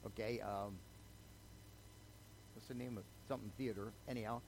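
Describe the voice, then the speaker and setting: On a low-quality recording with slight background noise, an older man with a lowish, slightly mellow voice speaks steadily at a moderate pace. His sermon is conversational personal testimony, and he often asks the crowd "okay?"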